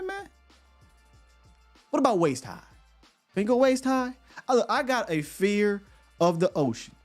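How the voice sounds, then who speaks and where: A man hosting a live morning sports show, talking in an animated, rambling way and laughing often. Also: high voice, normal speed, long pauses, soft background music. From United States.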